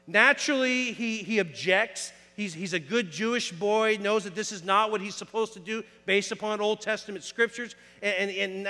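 A man's voice: high-pitched, bright, forceful tone. A man in his thirties preaching a casual sermon, telling stories and asking the congregation questions. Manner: casual storytelling with audience questions. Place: church sanctuary. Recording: echoey hall.

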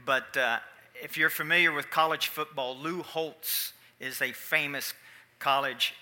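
Folksy preacher, high bright voice. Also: male voice, fairly even intonation, unhurried. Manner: folksy, chatty, with audience asides. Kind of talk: sermon storytelling.

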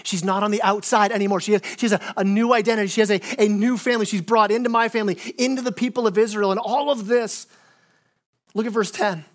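A man preaching a sermon as pastor, telling a story with lively acted-out quotes and frequent self-repeats. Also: high voice, fast talker. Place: church sanctuary.

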